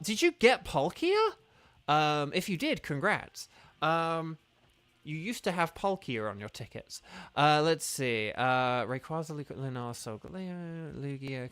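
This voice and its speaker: A man's voice: mid-range voice, a bit bright, smooth, dry recording. A man chatting casually with viewers during a live game stream, rambling and organizing who plays next.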